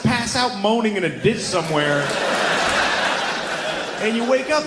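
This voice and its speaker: A man's voice: measured pace, long pauses. A man performing a stand-up comedy set on a club stage, telling crude, confessional stories in a handheld stage mic. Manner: crude, confessional storytelling with lively pitch swings. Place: comedy club stage before a live audience. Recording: echoey live room with clear ambient noise.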